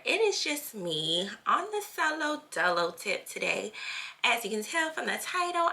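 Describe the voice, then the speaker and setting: A woman vlogging at home in a chatty, lively way, full of slang and casual fillers. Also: a little high, gravelly. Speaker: family channel vlogger. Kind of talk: casual chat vlog.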